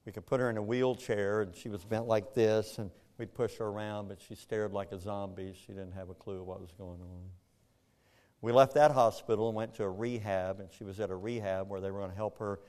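A man's voice: lowish voice, fairly even intonation, fairly quick, darkish tone. A man, telling a personal story in an earnest, plainspoken way. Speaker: speaker telling his story. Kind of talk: personal testimony.

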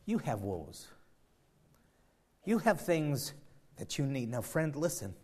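A man preaching a sermon, swinging from quiet, slow reflection to loud, climbing exhortation, often repeating words as he builds. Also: medium pitch, big pitch swings. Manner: repeats and restarts phrases while building intensity.

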